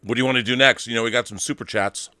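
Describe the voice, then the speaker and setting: A man's voice: mid-range voice, steady tone, very fast, pushed and bright, a little hiss or hum. A man hosting a live stream, chatty and joking as he reads out viewer messages. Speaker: host. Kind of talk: casual live-stream chat.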